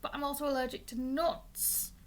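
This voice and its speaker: A woman's voice: high-pitched, fairly even intonation, normal speed. A young woman explaining things in a casual, chatty way, often stumbling and restarting words, with the hiccups. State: has the hiccups. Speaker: vlogger.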